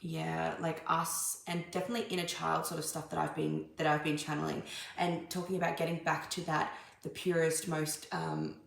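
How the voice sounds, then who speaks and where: A woman tarot reader talks casually in a low, gravelly voice, drifting between thoughts with frequent ums and restarts. The room has a noticeable echo around her. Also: flat delivery, moderate pace. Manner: meandering, many ums and restarts. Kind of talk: casual spiritual channeling monologue. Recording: echoey room.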